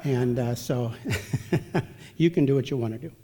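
A man's voice: medium pitch, unhurried, mellow. A man speaking at a church family event, telling a humorous, self-deprecating story and drawing a scriptural lesson from it in a folksy, chatty way.

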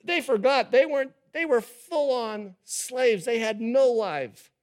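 A pastor preaching a sermon to a live congregation, animated and quizzing the audience. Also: male voice, very high-pitched, takes it slowly. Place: church service with a live audience.

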